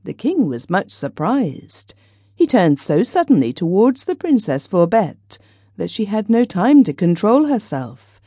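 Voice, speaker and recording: A woman narrating a children's fairy tale audiobook with clear, expressive storytelling. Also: on the low side, no room sound, clean studio sound.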